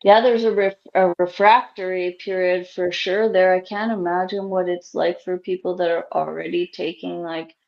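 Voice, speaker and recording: A woman's voice: fairly low pitch, fairly even intonation, normal speed, gravelly, hardly any pauses. A woman hosting a casual conversation, speaking frankly and opinionatedly, on a dull lo-fi recording. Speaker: host.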